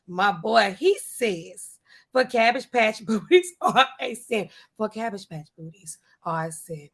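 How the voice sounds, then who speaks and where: A woman hosting a casual live stream, chatting loosely and reading out viewer comments in animated, slangy speech. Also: medium pitch, a little slow. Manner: chatty, animated, African American Vernacular English (AAVE) style phrasing.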